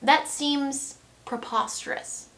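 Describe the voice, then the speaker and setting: A woman's voice: high-pitched, fairly even intonation, slow, fairly bright tone. A woman giving a devotional Bible teaching in an earnest, reflective manner.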